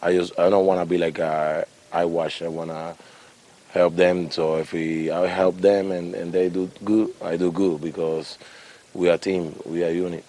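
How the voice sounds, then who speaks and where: A man's voice: flat delivery, close to an everyday voice, rough recording. A man imitating a ballplayer in broken English. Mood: earnest. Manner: halting broken English, low and quiet. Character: ballplayer speaking broken English, humble teammate.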